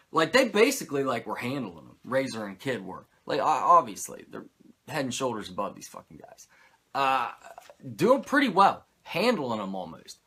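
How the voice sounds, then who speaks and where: A man's voice: a little high, pushed and bright, breathy edge. A man who hosts a podcast, giving a casual, profane and rambling recap of a wrestling show with many fillers. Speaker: podcast host.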